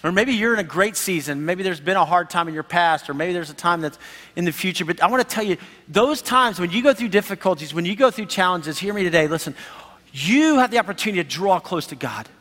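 A man preaching a sermon as pastor, animated and conversational, acting out the voices he quotes. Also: high-pitched, fast. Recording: reverberant hall.

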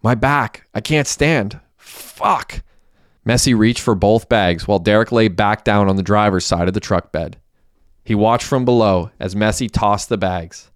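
A man narrating a crime audiobook in a steady, plain storytelling manner. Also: fairly low pitch, normal speed, clean tone, no room sound, studio quality.

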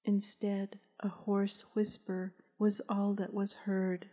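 A woman, the author, reading her own novel aloud as an audiobook in a slow, even, soft-spoken way that often drops into a whisper. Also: medium pitch. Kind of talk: audiobook narration. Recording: dull recording with long reverb.

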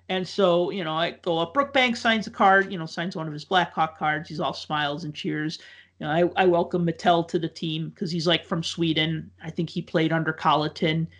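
A man's voice: high voice, fairly bright tone. Rambling man telling a story. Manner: rambling, filler-heavy with many likes and ums. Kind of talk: casual storytelling chat.

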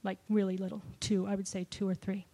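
At a church gathering, a middle-aged woman gives a personal testimony sermon at a fairly quick pace and medium pitch. She tells her story with lively shifts, dropping to a whisper when quoting lines.

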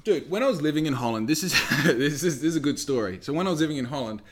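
A man's voice: fairly high pitch, animated, quick pace. A young Australian man telling a rambling story in casual talk, swearing often and firing off rhetorical questions.

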